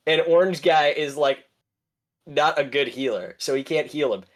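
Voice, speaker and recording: A man's voice: fairly high pitch, moderate pace. A young man co-hosting a podcast, recapping casually with many fillers, restarts and swearing. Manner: rambling, filler-heavy, swears freely. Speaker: podcast co-host. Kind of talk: casual chat.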